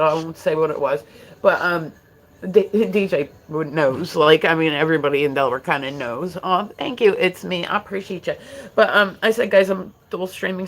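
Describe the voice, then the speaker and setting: A woman's voice: fairly low pitch, rough recording. A woman chatting casually on her livestream, frank and talkative, swearing freely as she talks to her viewers.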